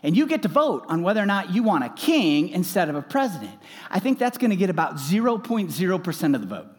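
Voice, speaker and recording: Animated man preaching a sermon. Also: high-pitched, quick pace, long reverb tail. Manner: animated, rising to loud emphatic exclamations. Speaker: pastor.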